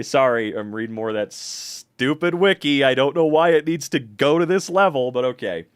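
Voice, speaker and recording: A man's voice: medium pitch, lively intonation, normal speed, hardly any pauses, clear, resonant tone, no room sound, clean studio sound. A tired man chatting casually on a livestream, reading the chat, rambling and swearing a lot.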